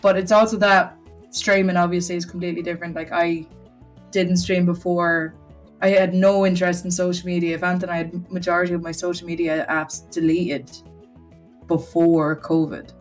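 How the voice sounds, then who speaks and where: A woman's voice: lowish voice, flat delivery, normal speed, far from the mic, faint music behind. A young woman, chatting casually as a podcast guest, rambling with lots of fillers. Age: young adult.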